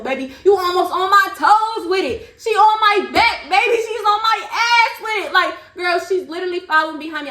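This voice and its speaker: A young woman vlogger telling a storytime in an animated, slangy way. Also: sits high, echoey room. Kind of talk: storytime vlog.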